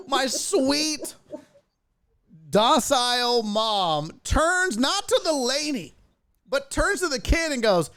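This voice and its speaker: Speaking with an extremely high pitch and taking his time, a man hosts a sports talk show, swapping stories casually, acting out quotes and cursing freely in an animated way.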